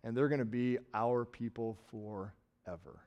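A middle-aged man from Nebraska preaching a sermon in a conversational way, swinging from loud emphasis to quiet trailing words. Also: medium pitch, measured pace, highs cut off. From Nebraska, USA. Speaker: pastor.

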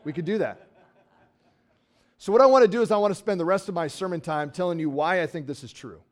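A man's voice: high-pitched, quick pace. A pastor preaching a sermon to his congregation in a church, talking conversationally and asking rhetorical questions. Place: church sanctuary.

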